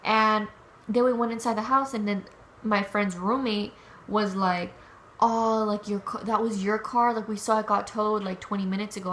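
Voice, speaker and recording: A woman's voice: medium pitch, steady tone, normal speed, fairly bright tone, slight background noise. A young woman casually telling a story to camera, chatty, swearing a lot and acting out what she and others said. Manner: chatty, swears a lot, quotes herself with "I was like". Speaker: vlogger.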